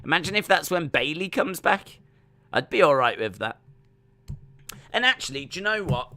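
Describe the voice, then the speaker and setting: A man's voice: a little high, sing-song, moderate pace, sharp tone, dry recording. A man chatting casually as a wrestling watch-along streamer, rambling with lots of fillers. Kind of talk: casual live-stream commentary.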